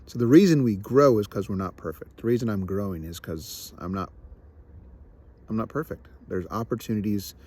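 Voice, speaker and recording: Young man, lower register, confessional vlogger; halting, self-deprecating, frequent restarts. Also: dark tone, husky. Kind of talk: reflective personal vlog.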